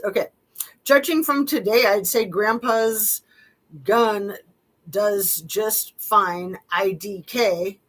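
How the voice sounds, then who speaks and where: A woman's voice: mid-range voice, takes it slowly, low-quality recording. A middle-aged woman reading text messages aloud and commenting on them casually, with wry, skeptical asides and frequent fillers. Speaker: true-crime commentator.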